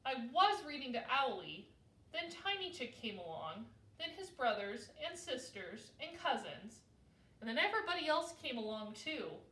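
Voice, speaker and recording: A woman's voice: high-pitched, very animated, moderate pace, fairly bright tone. A woman voicing a small, fussy boy owl in a picture book, indignant and pleading. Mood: upset. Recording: roomy, from a distance.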